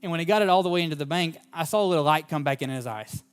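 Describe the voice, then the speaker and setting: A male pastor preaching a sermon and telling personal stories, fervent in places and relaxed in others. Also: a little high, racing, clear, resonant tone. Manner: fervent at the open, then relaxed anecdotal storytelling.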